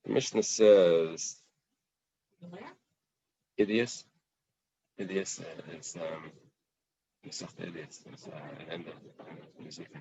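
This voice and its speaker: A man's voice: deep voice, steady tone, normal speed, vocal fry, dark tone, breathy edge, no room sound, rough recording. A man teaching a Talmud class in plain English, mixing in Aramaic and Hebrew quotes, with fillers and restarts. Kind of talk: daf yomi Talmud class.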